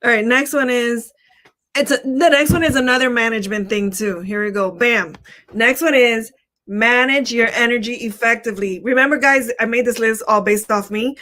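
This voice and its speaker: Casting note: middle-aged woman, motivational co-host, a touch high, energetic and repetitive. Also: moderate pace. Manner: energetic, repeats herself. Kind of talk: motivational talk.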